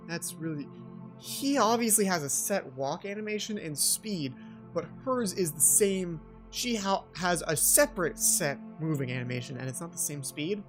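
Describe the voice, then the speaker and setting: A man's voice: fairly high pitch, animated, moderate pace, soft background music. A man doing a let's-play, joking and rambling about the game as he plays. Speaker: gamer doing a playthrough. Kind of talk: playthrough commentary.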